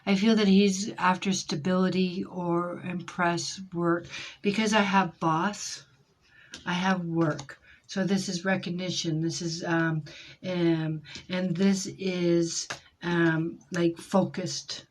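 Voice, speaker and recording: Woman tarot reader, low voice, slow and halting delivery, intuitive. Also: little pitch movement, a little hiss or hum. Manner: hesitant, searching, many fillers; intuitive, speaks in feelings. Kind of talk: tarot card reading.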